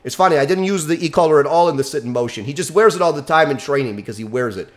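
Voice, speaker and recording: A man's voice: on the high side, lively intonation, rapid-fire. Angry, heated male dog trainer ranting. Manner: blunt, heated, swearing, rhetorical questions. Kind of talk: angry direct-to-camera rant.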